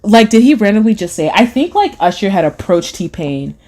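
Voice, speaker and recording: Young female streamer, animated and giggly, reads chat aloud, swoops up into high voices for quotes. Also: normal speed. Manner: chatty, giggly, acts out voices with big pitch swings. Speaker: live streamer reading chat. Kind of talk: casual live stream chat.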